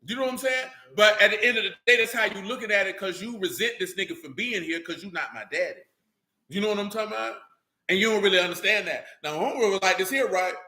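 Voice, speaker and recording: A man's voice: high voice, fast, bright, forceful tone. A man talking casually and bluntly, full of profanity, who keeps asking "you know what I'm saying". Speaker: religious group speaker. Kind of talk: casual unscripted talk. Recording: roomy echo.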